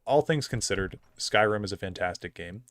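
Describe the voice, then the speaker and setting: Rambling male streamer, low dry voice. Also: lively intonation, a little fast, a bit bright, no echo. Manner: rambling, filler-heavy, opinionated. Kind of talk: casual gameplay commentary.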